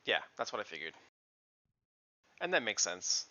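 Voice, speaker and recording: A relaxed man running a tabletop game, thinking through rules out loud. His voice is bright and forward. The sound is dry and dull, like a modest home mic. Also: lowish voice, moderate pace, no echo. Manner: relaxed, checks rules aloud. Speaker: game master. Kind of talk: casual tabletop play.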